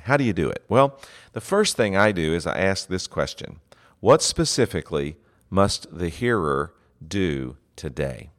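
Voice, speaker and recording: A middle-aged man teaching a lecture on writing sermons, earnest and emphatic, leaning hard on single words. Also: low voice. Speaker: preaching instructor.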